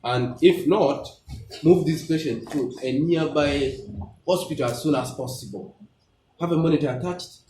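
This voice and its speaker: Lively man lecturing in an echoey room. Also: a little high, moderate pace. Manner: lively, questioning, laughs often. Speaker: medical trainer. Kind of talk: classroom lecture on life support. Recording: echoey room, mic far off, background noise.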